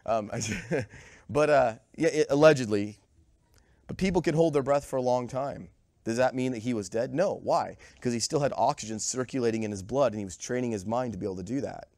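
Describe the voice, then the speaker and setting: A man's voice: medium pitch, a little fast, a little mellow, dry recording, clean studio sound. A man giving a conversational sermon with a cold, quizzing the congregation and sometimes short of breath. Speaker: pastor. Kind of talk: sermon with audience questions. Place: church sanctuary.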